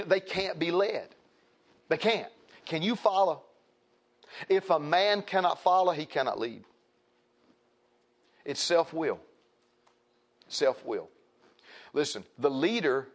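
A middle-aged man preaching a sermon as pastor, folksy and emphatic, with rising outbursts. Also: a little high.

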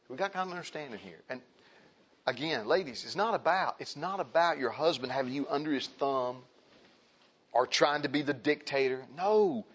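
A man's voice: mid-range voice, lively intonation, moderate pace, breathy edge, dull audio. A male preacher delivering an emphatic sermon, repeating phrases and turning to speak to the men and then the women of the congregation.

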